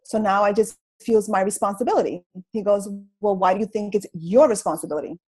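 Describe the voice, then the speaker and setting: A middle-aged woman telling her story on a video call, in a comical, slangy, animated way. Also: mid-range voice, brisk, breathy edge, low-quality recording. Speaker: guest speaker sharing her story. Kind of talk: casual motivational talk on a video call.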